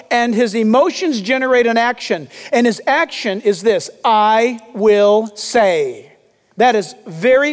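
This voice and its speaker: A man preaching a sermon as pastor, emphatic and urgent, calling out loudly to his listeners. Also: very high-pitched, long reverb tail.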